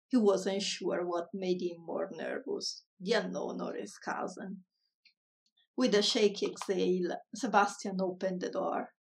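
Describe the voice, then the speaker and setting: A woman reading a children's story aloud in a soft, measured way. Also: on the low side, fairly even intonation, gravelly, far from the mic.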